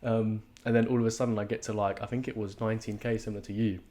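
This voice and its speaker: A young man, telling a race story in casual podcast chat, swearing freely and acting out his own shouts. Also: lowish voice, little pitch movement, quick pace. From England. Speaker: podcast co-host. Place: podcast studio.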